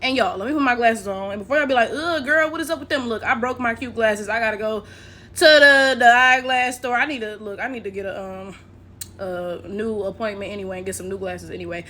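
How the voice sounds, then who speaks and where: An American woman recording a casual commentary vlog at her laptop, talking in an animated way and tagging "right?" onto her points. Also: medium pitch, a little fast. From United States. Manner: animated, keeps asking "right?" to the viewers. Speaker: commentary vlogger.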